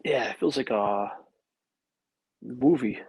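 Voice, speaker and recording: A man's voice: mid-range voice, takes it slowly, gravelly, a little mellow, husky, no room sound, poor audio. A man with a New York accent co-hosting a podcast, laid-back in casual chat with short replies. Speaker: podcast co-host.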